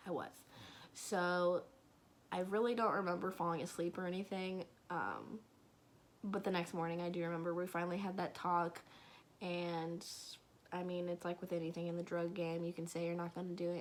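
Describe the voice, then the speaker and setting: A young woman telling a personal story in a casual, rambling vlog, now and then dropping to a whisper. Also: lowish voice. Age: young adult. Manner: slow, rambling, drops into whispers and laughs.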